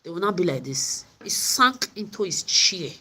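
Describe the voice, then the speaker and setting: A woman's voice: on the low side, big pitch swings, normal speed, bright, forceful tone. A woman vlogger telling her story in an angry, profane rant, often repeating and stumbling over words. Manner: profane, repetitive stammering.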